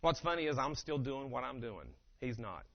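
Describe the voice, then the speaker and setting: A man giving a humorous motivational keynote, telling family stories in an animated way and acting out the dialogue. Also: mid-range voice, moderate pace, vocal fry. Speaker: keynote speaker. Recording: dull lo-fi live recording.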